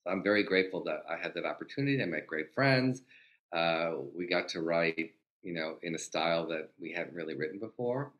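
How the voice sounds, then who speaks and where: Older man, low voice, lively storytelling guest, acts out quotes, swears casually. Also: a little fast, lo-fi sound. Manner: animated anecdotes, acts out quoted dialogue, swears freely. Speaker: guest, TV comedy writer.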